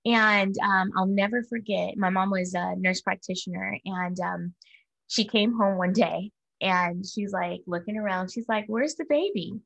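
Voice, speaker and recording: A woman in her forties with a gravelly, fry-laced voice shares a personal memory candidly. Her telling is reflective and unguarded, as a co-host in casual conversation. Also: medium pitch, steady tone, a little slow, a bit bright, poor audio. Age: 40s. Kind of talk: personal storytelling in casual chat.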